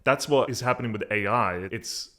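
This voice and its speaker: A man's voice: mid-range voice, moderate pace, a bit bright. A man, co-hosting a podcast and telling stories in a rambling, conversational way. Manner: rambling storyteller, restarts his sentences. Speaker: podcast co-host, software company founder. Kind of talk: casual chat.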